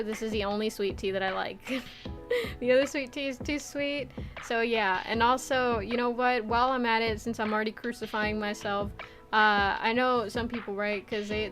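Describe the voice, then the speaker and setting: A young woman from the Midwest streaming a casual chat, animated and chatty, laughing often as she reads chat aloud. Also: a little high. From Midwest United States.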